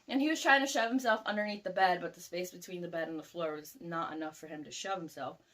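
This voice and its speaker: Bright-voiced young woman telling a dream. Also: fairly low pitch, fast talker. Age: 20s. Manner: loose and profane, lots of "like". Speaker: vlogger. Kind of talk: casual storytelling.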